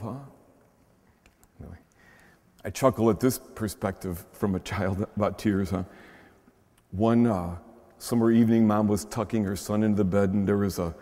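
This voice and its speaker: In the long reverb of a large church shrine, a Midwestern American pastor preaches in a conversational style. His voice is fairly low and dark, and he frequently ends his points with an inquiring "huh?"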